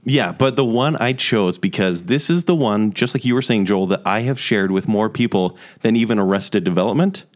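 A young man co-hosting a casual chat among friends, enthusiastic and quick to laugh. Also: fairly low pitch. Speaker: podcast co-host.

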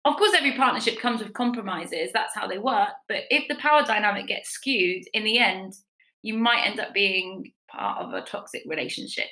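A woman chats casually and tells stories, throwing her voice up high when quoting people. Her tone is bright and forward. The room adds a noticeable echo. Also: a little fast. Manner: animated, acts out quotes with big pitch jumps. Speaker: podcast guest giving a relationship tip. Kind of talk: casual storytelling chat.

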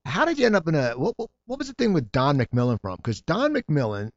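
Male host from New Jersey, chatty rambling questioner, lively pitch, muffled lo-fi sound. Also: a little fast, no echo. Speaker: podcast host. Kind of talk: casual interview chat.

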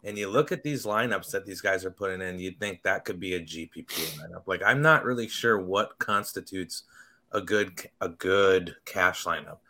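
A man's voice: sits low, moderate pace, sharp tone. A man co-hosting a podcast in casual chat, telling things loosely with stammering restarts. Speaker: podcast co-host.

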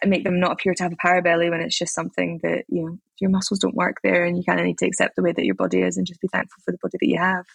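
Fast-talking Scottish woman with a gravelly voice. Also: on the low side, dry recording. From Scotland. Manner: chatty, animated storytelling with many fillers. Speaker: interviewee, athlete. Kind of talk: casual interview chat.

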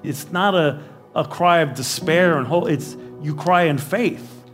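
A man's voice: on the high side, a little slow, a bit bright, faint music behind. Earnest pleading male preacher. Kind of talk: sermon.

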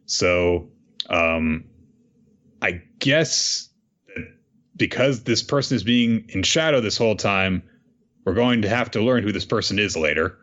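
A man's voice: low voice, measured pace, a bit bright. A young man hosting, casually recapping a story in a rambling way with fillers and restarts. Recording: dull lo-fi audio.

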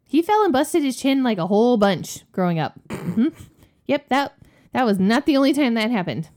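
Woman telling a lively story on a podcast. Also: on the high side, normal speed. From West Virginia. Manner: lively storyteller, acts out quoted voices. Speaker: podcast cohost. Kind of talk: casual storytelling chat.

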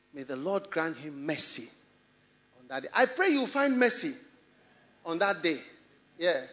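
A man with a Ghanaian English accent preaching a sermon in a church, animated and often laughing as he mimics people's excuses. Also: a little high. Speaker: pastor. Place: large church hall.

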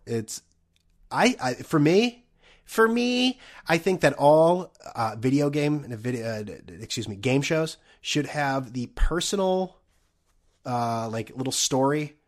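A man holds forth alone on his podcast in a loose, swearing comedic rant. He stammers and restarts often but keeps barrelling forward. His voice sits at an everyday middle pitch for a man. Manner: profane, ranting, many restarts and stammers. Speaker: podcast host.

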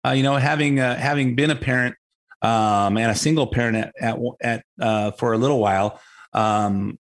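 A man's voice: mid-range voice, moderate pace. A man hosting a talk show, delivering an opinionated commentary monologue in a sarcastic, mocking tone that rambles with many restarts.

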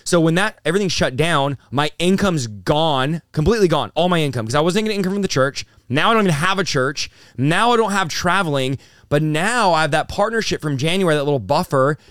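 A man in his thirties, a pastor guest telling his story in an animated, rapid-fire way, peppered with bro and dude. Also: a little high, clean tone, no room sound, clean studio sound. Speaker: pastor and revivalist, interview guest. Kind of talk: excited conversational storytelling.

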